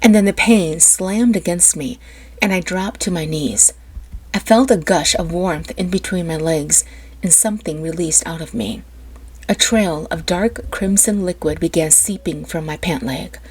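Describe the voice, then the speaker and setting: A woman's voice: fairly low pitch, measured pace, darkish tone, slightly rough. Woman narrating an emotional story. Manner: emotional, dramatic delivery. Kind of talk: first-person story narration.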